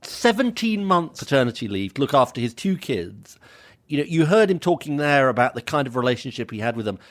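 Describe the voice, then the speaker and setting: A man's voice: mid-range voice, very animated, brisk. British man telling stories on a podcast. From Britain. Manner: chatty anecdotal storytelling with laughs and restarts. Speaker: podcast co-host. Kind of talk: casual chat.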